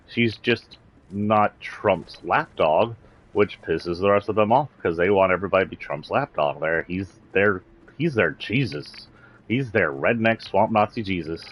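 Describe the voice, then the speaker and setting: Deep-voiced Texan man ranting bluntly. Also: highs cut off. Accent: slight Southern Texas. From Texas. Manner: blunt and indignant, swears freely. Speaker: political commentator. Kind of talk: livestream political rant.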